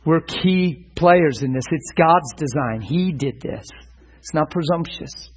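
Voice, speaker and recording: Husky, earnest male preacher. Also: on the high side, slow pace, low-quality recording. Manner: earnest, animated, with stumbles and repeated words. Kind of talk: sermon-style teaching.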